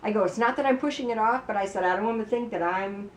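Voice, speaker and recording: A woman's voice: mid-range voice, fast talker. A woman telling a family story in casual conversation, acting out the dialogue and filling her talk with "you know.". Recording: roomy, distant, faint background noise.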